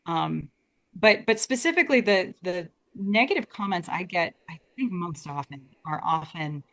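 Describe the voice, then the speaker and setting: A woman's voice: on the low side, lively intonation, moderate pace, a bit bright. A young American woman, a guest talking earnestly about Shakespeare in a casual interview, often restarting her words. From United States. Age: young adult.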